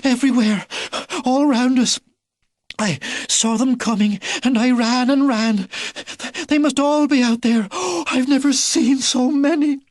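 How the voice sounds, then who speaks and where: A man voicing a frightened female badger who pants and frets in a high voice. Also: measured pace, no room sound, studio quality. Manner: panting, fretful, high wailing.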